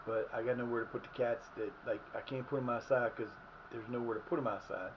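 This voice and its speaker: A hoarse man streaming live at home who is losing his voice, rambling and swearing at his team as he plays a soccer management game. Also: medium pitch, fairly even intonation, fast, lo-fi sound, noisy background. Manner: rambling, cursing at the players. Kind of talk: live gameplay commentary. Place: his house.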